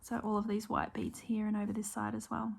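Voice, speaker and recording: Speaking quickly in a medium-pitched, monotone, creaky voice, an Australian cross-stitch vlogger walks through her projects on her own channel. The show-and-tell chat is casual, with plenty of ums and small apologies.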